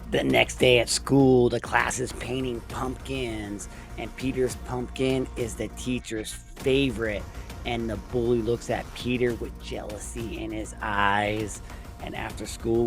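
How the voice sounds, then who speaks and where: A man narrating a movie plot recap in a plain, steady storytelling manner. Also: mid-range voice, creaky.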